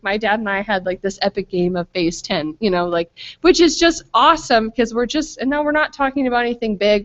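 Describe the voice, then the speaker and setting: A woman in her thirties speaking at a family retreat, chatty and self-deprecating, full of fillers and asides. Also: mid-range voice. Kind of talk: casual faith talk with stories. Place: school retreat hall. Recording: slightly muffled lo-fi recording.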